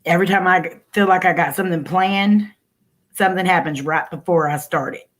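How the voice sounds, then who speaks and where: A woman's voice: fairly low pitch, fairly quick, a bit bright. A woman hosting a casual livestream, chatting and greeting viewers by name over a computer mic. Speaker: livestream host.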